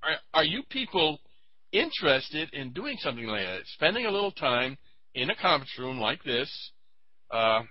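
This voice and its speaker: A man talking in a casual chat, rambling and halting with many fillers. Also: mid-range voice, dry recording, lo-fi sound.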